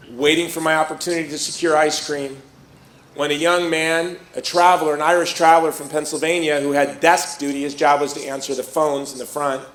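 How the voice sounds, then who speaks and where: A middle-aged man from Chicago tells a personal story to a live crowd and slips into the voices of the people he quotes. His voice sits a little high for a man. The sound carries the echo of a large room. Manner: lively storyteller who acts out quoted voices. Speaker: speaker.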